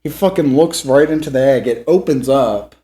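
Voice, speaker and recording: A young man co-hosting a podcast, chatting casually and recapping film scenes in a relaxed way. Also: mid-range voice, moderate pace, slight background noise. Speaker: podcast co-host.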